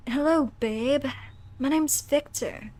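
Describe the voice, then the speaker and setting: A shy, awkward male incubus from a game, stumbling over his flirting in a soft, hesitant voice that sits lower and quieter than the rest of the stream, as a woman puts him on. He stammers and backpedals, nervous and eager to please. He is clearly a nerd out of his depth. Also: slow. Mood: flustered.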